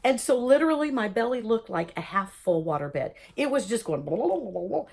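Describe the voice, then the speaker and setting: Woman, animated storyteller, bouncy pitch, slightly high, jokes and acts out voices as she talks. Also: a little fast, gravelly. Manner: lively, jokey, acts out voices in quotes. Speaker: vlogger telling her own story.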